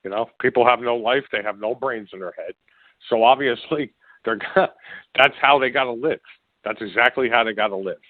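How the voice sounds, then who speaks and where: A man's voice: medium pitch, brisk, no room sound. A man hosting his own podcast, ranting furiously and hurling insults in a rambling, stumbling way. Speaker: podcast host. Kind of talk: angry ranting monologue. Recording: dry, phone-like lo-fi sound.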